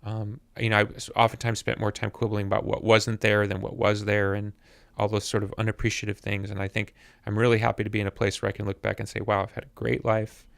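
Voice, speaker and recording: On a podcast mic with no echo, a musician in his fifties talks thoughtfully as an interview guest, often repeating words as he searches for them. He speaks quickly and monotonously with hardly any pauses, his lowish voice gravelly yet smooth and fairly bright in tone.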